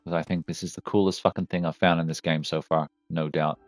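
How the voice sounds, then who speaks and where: Excitable man commentating a game. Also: low voice, fast, dry recording, soft background music. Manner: excitable, swears, yelps at surprises. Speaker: let's play streamer. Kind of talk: casual gameplay commentary.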